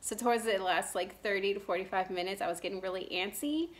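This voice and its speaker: A cross-stitch vlogger from Texas in her thirties chats casually into the camera in a mid-range voice at a quick pace. She rambles with fillers and restarts, clearing her throat now and then from allergies.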